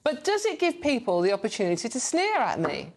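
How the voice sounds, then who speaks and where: A woman's voice: on the high side, wildly swooping pitch, brisk. Chatty Cockney woman presenting TV. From East London. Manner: chatty, teasing, direct. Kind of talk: live TV panel discussion.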